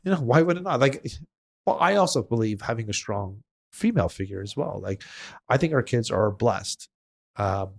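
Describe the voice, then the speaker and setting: A middle-aged man with a gravelly, creaky edge to his voice, chatting on a podcast. He rambles in an earnest, emotional way, repeating himself and circling back to his point. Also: medium pitch, animated, normal speed. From Canada. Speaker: podcast host. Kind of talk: casual conversation.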